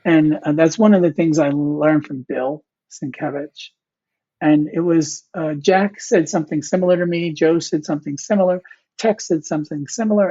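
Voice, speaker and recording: Man, comic artist guest, husky voice, higher pitch, dry dull lo-fi sound, rambling anecdotes. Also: dark tone, no echo. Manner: rambling, many fillers and restarts, quotes mentors. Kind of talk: casual interview storytelling.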